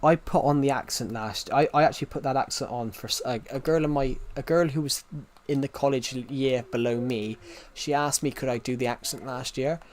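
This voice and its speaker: Young male streamer, mid-pitched, rambly storyteller who keeps restarting lines. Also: brisk, darkish tone. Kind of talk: casual chat.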